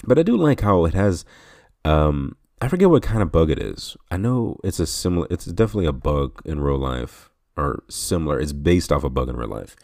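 A man's voice: very deep voice, sing-song, fairly quick, gravelly, a little mellow, no room sound, clean studio sound. A man hosting a podcast, casually talking through a game retrospective, rambling and correcting himself as he goes. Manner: rambling, self-correcting, chuckles often. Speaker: podcast host.

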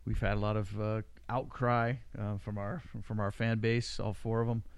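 A middle-aged man hosts a casual podcast in a low voice, rambling and laughing as he jokes. His voice sounds dry and close, with no room around it. He drifts from one thought to the next in a loose, easygoing way. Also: little pitch movement, normal speed, clean tone, dry recording. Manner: rambling, joking, laughs often. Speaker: podcast host. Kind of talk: casual chat. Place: small studio room.

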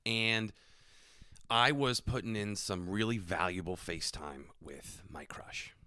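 A man's voice: on the low side, measured pace, bright, forceful tone, clear, resonant tone, dry recording. A young man co-hosting a podcast, joking and swearing in casual banter. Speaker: podcast co-host. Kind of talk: casual chat.

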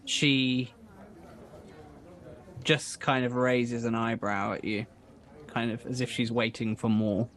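A man's voice: mid-range voice, little pitch movement, slow pace, long pauses, fairly bright tone, a faint crowd. A man narrating an improvised tabletop game as dungeon master, describing scenes hesitantly with many fillers.

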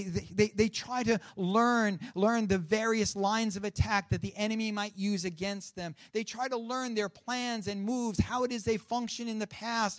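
Male pastor, high voice, dry close recording; preacherly, emphatic sermon delivery. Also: dry recording. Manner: preacherly, rising and falling emphasis, calls to congregation.

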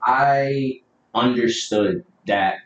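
A man's voice: medium pitch, extremely slow, lo-fi sound. Profane joking man, roomy distant mic. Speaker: podcast co-host. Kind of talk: casual chat.

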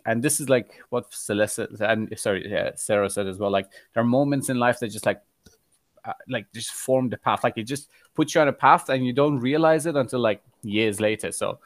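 A young man speaks in a mixed British, American and Iranian accent at a middling pitch. He rambles through his stories with plenty of fillers, recorded dry on a close mic. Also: no echo. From Iran. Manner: chatty storyteller, many fillers. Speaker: podcast guest, fitness coach. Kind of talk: casual conversation.

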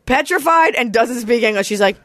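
A woman's voice: on the high side, expressive, fairly quick, fairly bright tone, no room sound, clean studio sound. A woman from Texas in her thirties, chatting as a comedian guest on a podcast in a playful, jokey way, often breaking into silly improvised songs and impressions. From Dallas, Texas. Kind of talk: casual podcast chat.

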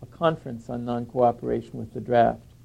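A man reflectively recalling his past, speaking thoughtfully with many pauses. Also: medium pitch, flat delivery, gravelly, dull audio. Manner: thoughtful, halting with fillers. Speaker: former draft resistance organizer. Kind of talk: reflective reminiscing.

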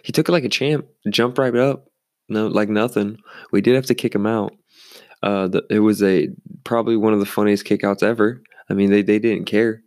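Man, ex-bartender storyteller, low voice with fry, dry studio sound, animated. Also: moderate pace, no echo. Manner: rambling and animated, with many restarts. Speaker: former bartender telling stories. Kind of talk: casual storytelling. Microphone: studio microphone.

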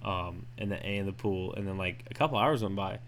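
A man co-hosting a podcast and telling a story in casual chat, animated and jumping into high voices when he quotes people. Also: brisk, slight background noise. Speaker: podcast co-host.

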